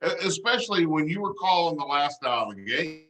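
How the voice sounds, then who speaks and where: A jokey male host of a sports talk show, with a higher voice and a bright, forceful edge. He ribs his guest in easygoing chat. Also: lively intonation, fairly quick, a little hiss or hum, poor audio. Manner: teasing, jokey. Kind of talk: casual chat.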